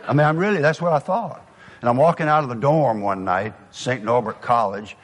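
A man's voice: mid-range voice, a little fast, in a large hall. An older man with a Southern US accent giving a motivational speech, telling folksy stories and dropping to a near whisper for emphasis. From American South. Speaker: motivational speaker.

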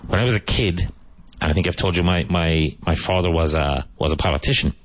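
Middle-aged irish guy from cork, real low voice, dry close sound, rambles and repeats himself a lot. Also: brisk, dry recording. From Ireland, Cork. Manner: rambling, repeats phrases, frequent restarts. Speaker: English teacher on a live stream. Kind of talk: casual live-stream monologue.

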